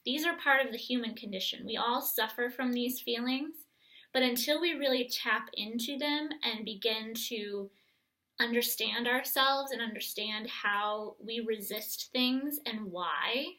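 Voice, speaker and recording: Woman, self-help coach, bright clear tone, a little high, gentle guiding talk. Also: unhurried, rough recording. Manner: gentle, coaching, talks straight to the viewer.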